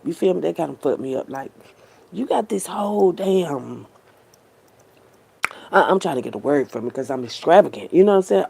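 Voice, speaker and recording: Woman vlogger talking to her viewers, gravelly and kinda husky, lots of slang and cussing, repeats herself a lot. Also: on the low side, mellow. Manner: repetitive, slangy and profane, addressing viewers directly; heartfelt, often pausing to collect herself. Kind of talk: emotional unscripted monologue to viewers.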